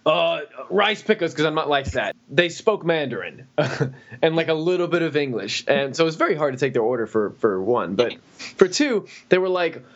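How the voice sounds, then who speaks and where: A man's voice: very animated, brisk. A man casually telling rambling work stories on a podcast, slipping into quoted voices. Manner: rambling, acts out quoted people in high voices. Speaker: podcast co-host. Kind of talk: casual storytelling chat. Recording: dull lo-fi podcast audio.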